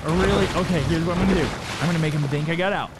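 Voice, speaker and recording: A man hosting a gaming video, commentating his play, yelping and repeating words in fast bursts when in danger and chatting to himself and the viewer while looting. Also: a little high, heavy background noise. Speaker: gaming channel host. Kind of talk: excited gameplay commentary.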